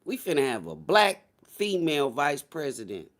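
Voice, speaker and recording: Loud joking man hosting a livestream. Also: on the high side, wildly swooping pitch, normal speed. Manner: loud, joking and profane, swinging between shouts and mutters. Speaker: livestream host. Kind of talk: casual livestream chat.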